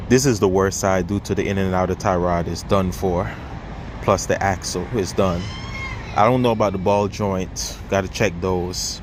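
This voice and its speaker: A man's voice: low voice, noisy background. A young man from Saint Croix with an Antiguan accent, talking casually to his vlog audience, rambling and repeating himself. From US Virgin Islands, Saint Croix. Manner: rambling, repeats himself, laughs between thoughts. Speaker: vlogger, food delivery driver. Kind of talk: casual self-filmed vlog.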